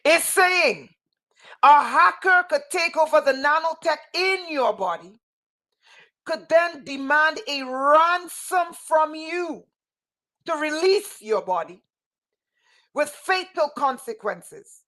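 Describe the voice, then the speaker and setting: A woman speaking on a livestream as a spiritual teacher, fervent and emphatic, repeating phrases and at times raising her voice to a shout. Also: sits high, lively intonation, slow pace. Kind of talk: impassioned livestream talk.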